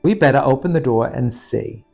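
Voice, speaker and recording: A man's voice: mid-range voice, animated, moderate pace, creaky, a little mellow, faint music behind. A man doing a prim fretting storybook mother. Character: fretting 1960s housewife mother.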